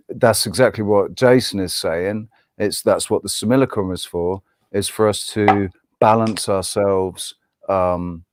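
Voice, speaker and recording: A man in a casual group discussion, talking haltingly and restarting often as he searches for words. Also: on the low side, no echo, clean studio sound.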